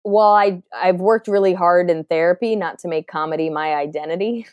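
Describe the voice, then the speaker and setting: A woman in her thirties from New Jersey, a stand-up comedian, speaks candidly as a guest on a podcast interview, reflective and full of fillers, often restarting sentences. Her voice sits on the low side at a normal speed, a little mellow and smooth. There's no echo.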